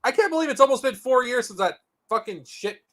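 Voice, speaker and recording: A man's voice: extremely high pitch, lively intonation, brisk, sharp tone. A man streaming casually, profane and incredulous as he reacts to a clip. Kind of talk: casual live stream chat.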